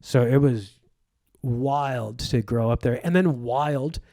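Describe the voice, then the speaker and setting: Man with a dark, mellow voice telling stories. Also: medium pitch, slow pace, no echo. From Egypt. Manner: vivid storyteller, acts out quoted voices. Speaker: comedian guest. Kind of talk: storytelling in conversation.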